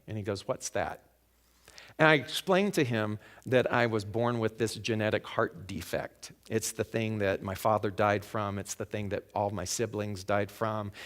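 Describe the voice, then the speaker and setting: A man speaking as a guest preacher at a spiritual center, telling a personal story in a reflective way that sinks to a hush on key lines and lifts on emphatic ones. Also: fairly low pitch. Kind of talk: storytelling sermon. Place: sanctuary of a spiritual center, before a congregation.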